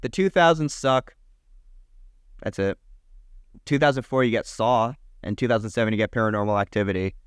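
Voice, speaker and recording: A man's voice: on the low side, smooth, no room sound, clean studio sound. A young man co-hosting a podcast, eagerly running through film history year by year and swearing casually. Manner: enthusiastic, listing years in quick bursts, swears casually. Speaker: podcast co-host.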